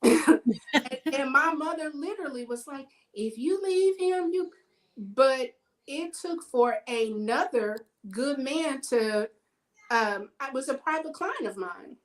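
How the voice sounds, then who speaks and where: A woman telling personal stories in casual chat, animated and acting out the dialogue in her stories. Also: sits high, slow, rough recording. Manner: animated, acts out quoted dialogue.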